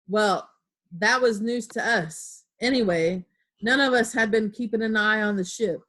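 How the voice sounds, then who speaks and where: A woman's voice: medium pitch, measured pace, fairly bright tone. A woman reading as Long John Silver, sly pirate. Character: long john silver, older male pirate cook, cunning.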